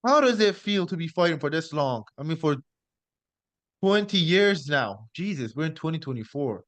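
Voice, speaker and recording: A young man hosting a podcast, excitable and blunt, swearing freely as he talks about fighting. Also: on the high side, normal speed, dry recording. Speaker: podcast host. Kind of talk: casual podcast interview.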